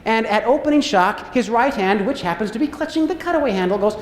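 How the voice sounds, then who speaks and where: A man giving a storytelling keynote talk as a motivational speaker, acting out scenes and quotes with big swings in his voice. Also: quick pace. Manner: animated, acts out scenes and quotes with big pitch jumps. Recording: echoey hall with faint ambience.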